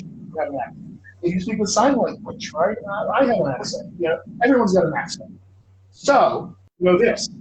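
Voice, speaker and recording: A man with a slightly high voice hosts a live dialect-coaching Q&A, chatty and joking as he hands out advice. His sound is distant and roomy, picked up from across the room. The audio is dull and lo-fi, with a faint hiss underneath. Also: darkish tone. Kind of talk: casual livestream advice.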